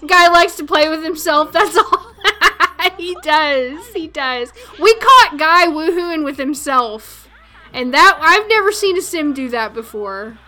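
A woman's voice: high-pitched, lively intonation, slow, sharp tone. Giggly Southern woman streaming a game. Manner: chatty, giggly, talks to chat. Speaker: gaming livestreamer. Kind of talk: casual game commentary livestream.

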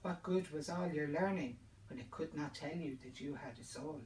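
A woman storyteller voicing a stern male angel who passes judgment, speaking in a measured, solemn way. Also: low-pitched, darkish tone, a little hiss or hum, lightly acted. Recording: roomy sound from a distant mic.

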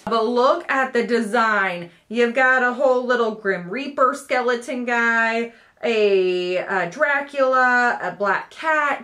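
A pregnant young woman films a casual home vlog showing off a baby haul, talking to camera in a bubbly, gushing way and laughing often. Her voice is a little high with a sharp tone.

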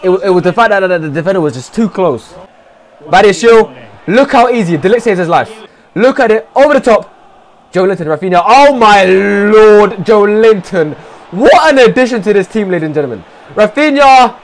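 A young man giving loud, swearing live commentary over a football video game, swinging from shouts to low mutters. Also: lively intonation, a little fast. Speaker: gaming streamer.

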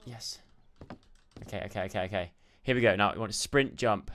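A young man doing let's play commentary, excitable and jumpy, yelping and shouting when startled. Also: fairly low pitch, normal speed, long pauses, slight background noise. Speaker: gaming YouTuber.

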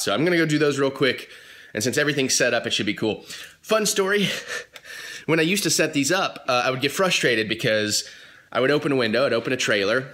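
A young man chatting casually to the camera in a weekly vlog, animated and quick to swear when annoyed. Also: mid-range voice. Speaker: vlogger.

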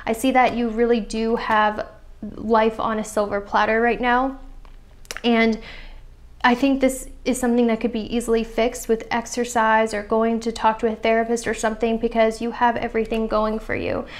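A woman's voice: a little high, level tone, normal speed. A young woman giving a pick-a-card tarot reading straight to her viewers, earnest and chatty, full of "I feel like" and "you know". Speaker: tarot reader.

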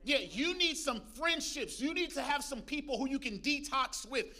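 A man preaching a lively sermon as pastor, calling out to the congregation and joking between points. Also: extremely high pitch, moderate pace. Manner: preachy call-and-response with congregation, humorous asides. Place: church.

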